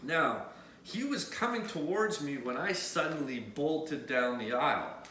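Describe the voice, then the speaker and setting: A man from Canada telling a personal story on camera in an animated way, pointing out where things happened. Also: a little high. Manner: animated, points out spots as he tells it. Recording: echoey room with faint noise.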